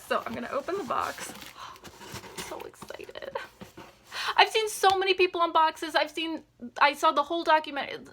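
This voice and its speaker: A woman's voice: on the high side, bright, forceful tone, slight background noise. A woman chatting casually as a beauty vlogger through an unboxing, gushing, full of "like" fillers and sometimes dropping to a near whisper.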